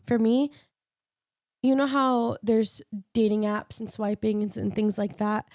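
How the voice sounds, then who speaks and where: A woman's voice: medium pitch, steady tone, measured pace, darkish tone, dry recording, studio quality. A young woman on a podcast panel, candidly telling a personal story in casual chat and acting out what others said. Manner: candid storytelling, acts out quoted lines.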